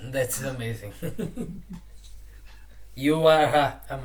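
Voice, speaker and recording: Male host, halting delivery, slow measured questions. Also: mid-range voice, lively intonation. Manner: hesitant, halting with many fillers. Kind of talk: interview questions.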